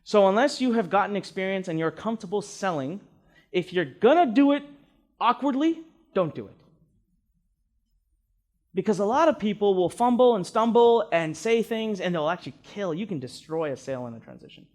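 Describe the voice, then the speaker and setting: A man's voice: high voice, expressive, normal speed. A man teaching a live seminar to an audience as a marketing instructor, emphatic and repeating words, often asking "right?".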